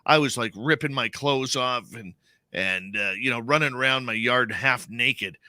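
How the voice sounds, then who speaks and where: A radio host with a punchy, intensely bright voice rattles off cheerful plugs and casual banter. The sound is dry and close, with no room around it. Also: male voice, medium pitch, normal speed, no echo. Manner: upbeat, promo-style plugs and banter.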